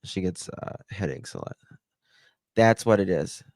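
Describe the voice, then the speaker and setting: Man, low gravelly voice, unhurried, rambling livestream chat, dry close sound. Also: expressive, a little mellow, no echo. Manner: rambling, chatty, fills with "uh" and "like". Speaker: livestream host. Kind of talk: casual livestream chat, thanking viewers.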